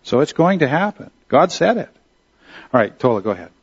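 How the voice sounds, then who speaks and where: A man's voice: a little high, sing-song, brisk. A man teaching a Bible study class to a group, earnestly checking in with "right?" and "okay" as he leads the discussion. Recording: dull lo-fi recording.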